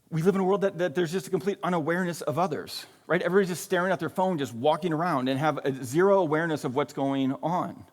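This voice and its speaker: A man preaching a sermon in a casual, conversational way, often checking in with "right?" and "like". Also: on the high side. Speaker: pastor. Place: church sanctuary. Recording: long reverb of a church hall.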